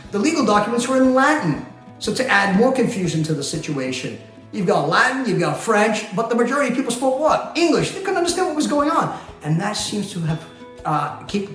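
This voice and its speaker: A man's voice: sits high, big pitch swings, brisk, a bit bright. A man, a company president, explaining things in a chatty way, asking rhetorical questions and often laughing. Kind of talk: explainer talk to camera. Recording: very echoey room with faint music.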